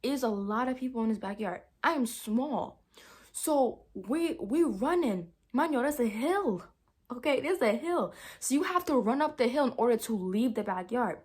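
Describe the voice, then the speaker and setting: A woman's voice: a little high, moderate pace, slightly rough. A young adult woman telling a dramatic story in a casual vlog, talking straight to her viewers with lots of "like" and "y'all". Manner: animated, dramatic storytelling, heavy use of "like", addresses viewers as y'all. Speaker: vlogger.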